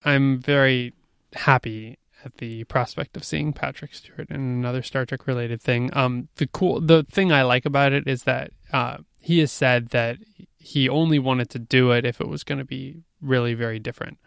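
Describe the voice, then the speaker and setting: A man co-hosting a podcast, laying out detail in an earnest, nerdy way. His voice is smooth with a gravelly edge, and the recording is dry and close. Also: mid-range voice, steady tone, moderate pace, fairly bright tone, no room sound. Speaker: podcast co-host. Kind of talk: casual chat.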